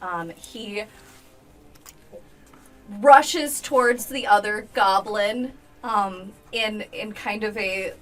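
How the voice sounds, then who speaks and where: Slow, hesitant woman player off-mic. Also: medium pitch, fairly bright tone, far from the mic, soft background music. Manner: hesitant, laughing. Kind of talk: casual tabletop play.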